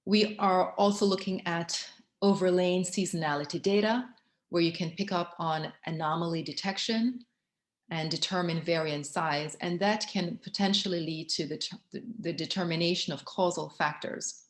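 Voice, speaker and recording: Measured woman giving a conference talk. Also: fairly low pitch, echoey room. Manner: measured, with frequent ums and restarts. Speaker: conference speaker.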